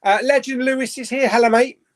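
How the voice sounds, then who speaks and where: Chatty high-voiced man hosting. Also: fairly even intonation, brisk. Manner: chatty, rambling with fillers and restarts. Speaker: host. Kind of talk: casual live-stream chat.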